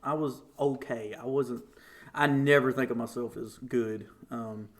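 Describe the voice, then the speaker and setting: A young man, a podcast guest telling a story casually and acting out the voices in it. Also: unhurried. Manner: animated, acts out quotes with big pitch jumps.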